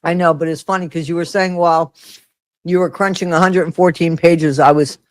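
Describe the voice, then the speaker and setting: Brief: mid-pitched livestream host, chatty and loose, greets viewers by name, dry close-mic sound. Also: fairly even intonation, brisk, no echo. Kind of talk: casual livestream chat.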